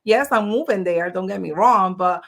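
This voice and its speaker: A woman's voice: medium pitch, moderate pace, gravelly, a bit bright. A woman guest speaking in a casual, chatty way on a podcast interview, with many "you know"s and "like"s. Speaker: guest entrepreneur.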